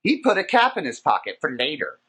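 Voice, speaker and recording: A man with a fairly high, bright voice spins a rambling, profane story on a casual podcast. His pitch swings widely as he talks, giving the tale an animated, lively bounce. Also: brisk, creaky, slightly rough. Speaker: podcast host.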